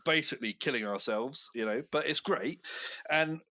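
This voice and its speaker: A man's voice: mid-range voice, moderate pace, bright, forceful tone. A man in his twenties co-hosting a podcast in casual chat, telling self-mocking jokey stories. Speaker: podcast co-host.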